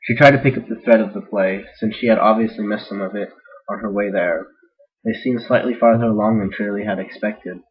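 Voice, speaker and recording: A man reading fan fiction aloud in a casual way, with self-deprecating, joking asides. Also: on the low side. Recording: dull lo-fi recording.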